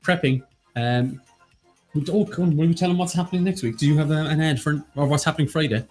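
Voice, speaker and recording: A man's voice: a little high, fast, a little mellow, faint music behind. A man with an Irish accent co-hosting a casual online quiz, teasing his partner and announcing upcoming events. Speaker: quiz co-host. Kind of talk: casual banter on a live online quiz stream.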